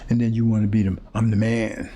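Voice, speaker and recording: Slight background noise accompanies a fast-talking man whose warm, low voice has a flat delivery. As a preacher, he's fiery and confrontational with his audience, using repetitive phrasing and stumbling and restarting as he looks for words.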